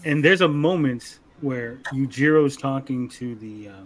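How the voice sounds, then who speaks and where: A young man co-hosting a casual anime review, animated, acting out character lines in funny voices. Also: mid-range voice, unhurried, a little hiss or hum. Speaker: podcast co-host.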